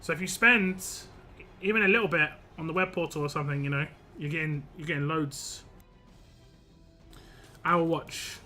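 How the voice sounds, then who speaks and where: A man's voice: a little high, steady tone, moderate pace, long pauses, sharp tone, faint music behind. A young man streaming a game live, chatting casually with viewers, rambling and laughing often.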